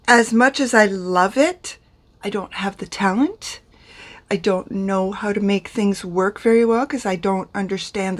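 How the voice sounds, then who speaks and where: Slow-talking woman from France. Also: mid-range voice. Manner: chatty, self-deprecating, laughs at herself. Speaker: beauty vlogger teaching pronunciation. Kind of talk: casual teaching to camera.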